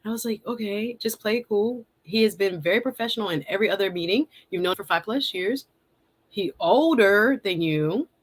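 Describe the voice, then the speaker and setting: A woman hosts a live stream and tells a story with lots of energy. She laughs often and acts out what she said, in a middle pitch that is neither high nor low. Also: fairly quick. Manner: animated, laughs often, acts out her own quotes. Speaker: host.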